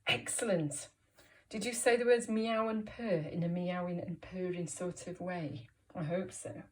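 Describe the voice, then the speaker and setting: A woman teaching a reading lesson to young children, encouraging and clear, making animal noises along the way. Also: on the low side, fairly even intonation, a little slow. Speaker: primary school teacher.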